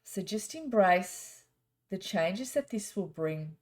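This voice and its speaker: A middle-aged woman, a psychic telling chatty, rambling stories and doing a gently spiritual card reading. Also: medium pitch, expressive, slow. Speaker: psychic reader. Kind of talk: casual storytelling and card reading.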